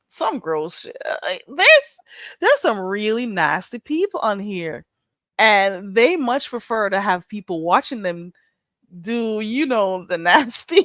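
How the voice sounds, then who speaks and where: A woman's voice: medium pitch, fairly bright tone, no room sound. A woman hosting a casual livestream, talking bluntly and animatedly with bursts of laughter. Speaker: livestream host.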